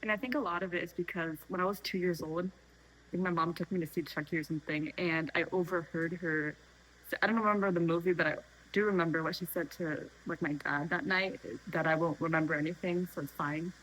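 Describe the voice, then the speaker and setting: A woman's voice: fairly low pitch, fairly even intonation, fairly quick, a bit bright, rough recording. A young woman talking unscripted in a rambling, chatty way, full of fillers, while making tea at home. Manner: rambling, chatty, frequent fillers and self-corrections. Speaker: vlogger. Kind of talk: unscripted casual chat.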